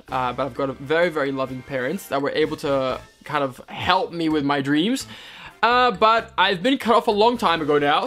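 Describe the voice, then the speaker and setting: A man's voice: on the high side, a bit bright. A young man with a mixed British-American accent, casually reading out comments in a vlog and answering them with wry, self-deprecating sarcasm. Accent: mix of British and American. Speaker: equestrian vlogger.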